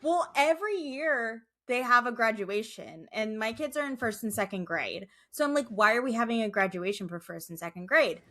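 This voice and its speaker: A woman's voice: on the high side, animated, normal speed, hardly any pauses, a bit bright. A woman in her thirties co-hosting a casual chat podcast, telling stories in a chatty, exasperated way. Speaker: podcast co-host.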